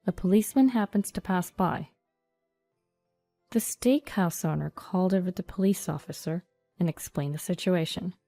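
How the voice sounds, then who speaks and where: A woman narrating a first-person story in an even, storytelling read. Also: fairly low pitch, normal speed, vocal fry. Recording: dry studio voice-over over soft music.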